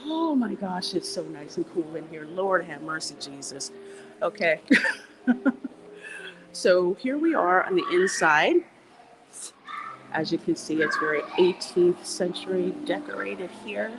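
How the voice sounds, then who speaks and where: A woman hosting a casual, educational walking livestream, chatty and animated as she greets viewers. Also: lowish voice, measured pace, pauses often, noisy background. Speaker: livestream host.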